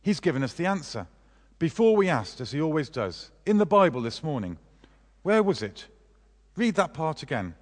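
A man's voice: fairly high pitch, sing-song, moderate pace, pitched above the performer's own voice. A man reading aloud the lines of a devout young woman who speaks earnestly and encouragingly, in a large echoing hall. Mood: excited. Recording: long reverb of a large hall.

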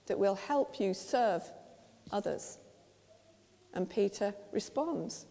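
A woman's voice: medium pitch, expressive, slow, creaky, pauses often. Woman preaching in a reverberant church. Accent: English. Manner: gentle storytelling, acts out quotes softly. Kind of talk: sermon.

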